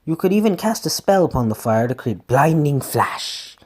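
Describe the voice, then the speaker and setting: A man reads a text adventure aloud as casual gameplay, stumbling over words, correcting himself often, and throwing in joking asides. His voice is fairly high and sing-song with a darkish tone, at normal speed.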